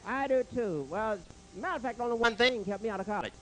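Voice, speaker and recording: A man doing a stand-up comedy set in a club, jokey and animated, stammering through restarts and bantering with the crowd and the waiter. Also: very high voice, brisk.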